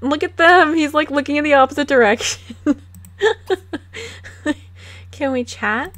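Unhurried, giggly woman; let's play host chatting at her computer while clicking and typing. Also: high-pitched, a bit bright. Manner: giggly, chatty, coaxing her game characters. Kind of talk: casual gameplay commentary. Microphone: desktop USB mic.

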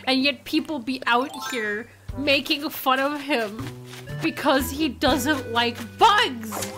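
Excitable high-voiced woman streamer. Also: takes it slowly, over music. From United States. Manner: excitable, swings from loud shrieks to low mumbling, swears. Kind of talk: game commentary.

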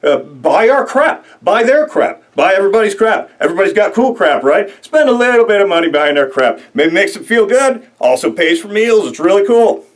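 Young man, host, comedic rant, excitable, rambling, higher-pitched voice. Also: fairly quick, few pauses. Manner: excitable, ranting, rambling with fillers.

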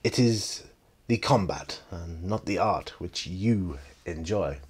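A man quoting a calm, menacing older male villain, speaking in a low, measured voice. The lines come out slow and quiet, close to an everyday retelling. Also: husky, full character voice.

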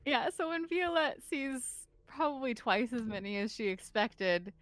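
A woman's voice: on the high side, steady tone, dry recording, soft background music. A woman playing a tabletop role-playing game, describing her character's actions thoughtfully. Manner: unhurried, thoughtful description with fillers. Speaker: player.

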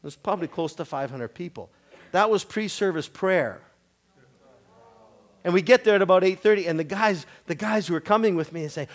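A man's voice: sits high, lively intonation, a little fast. Man preaching a conversational sermon. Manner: conversational, acting out quoted dialogue. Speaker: guest preacher. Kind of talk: storytelling sermon. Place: church sanctuary with a congregation.

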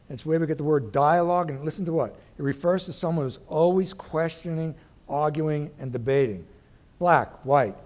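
A male pastor preaching a folksy sermon, pitched a little above most men. He calls out to the congregation and keeps swinging from loud declarations to hushed, near-whispered lines.

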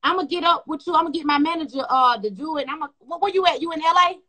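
A loud, profane woman hosts a casual livestream on her phone, rambling in a bright, forceful voice. She speaks, and her voice sits a bit high. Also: racing. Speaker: livestream host.

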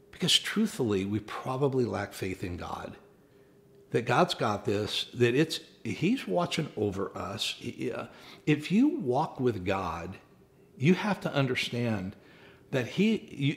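A middle-aged man, a church pastor, speaking earnestly in a short talk that ends in a quiet prayer, often repeating his words. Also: mid-range voice. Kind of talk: sermon with closing prayer.

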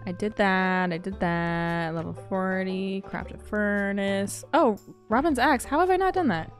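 Young woman rambling to her stream chat, slow and giggly, faint music in the back. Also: medium pitch. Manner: bubbly and giggly, quoting movie lines. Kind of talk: casual gaming stream chat.

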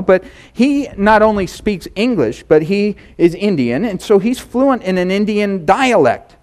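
A man in his thirties delivers a church sermon with plenty of humor, high-pitched for a man. He tells playful stories and acts out sounds and voices to land his point. His delivery is lively and easygoing. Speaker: pastor. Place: church hall.

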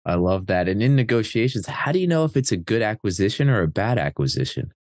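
A man's voice: on the low side, very animated, fast, a little mellow, no echo, studio quality. A man hosting a podcast, asking probing questions and often restarting them. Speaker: podcast host.

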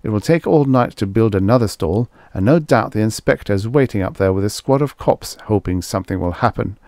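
A man voicing a harried, pleading male garage partner in an audiobook, close to his own low voice. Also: expressive, fairly quick, darkish tone, no echo. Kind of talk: audiobook character voice.

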